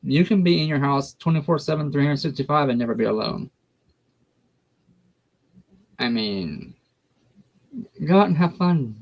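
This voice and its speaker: A man's voice: fairly high pitch, normal speed, long pauses, lo-fi sound. A man who reads tarot in a blunt, folksy, encouraging way. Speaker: guest tarot reader. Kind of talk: casual chat and tarot reading.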